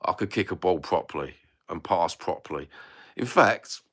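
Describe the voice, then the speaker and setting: Deep-voiced and fairly bright, a middle-aged London man talks at a moderate pace with lively intonation. He hosts a livestream and reads the chat, ranting bluntly and swearing freely to his live audience, all recorded on a phone.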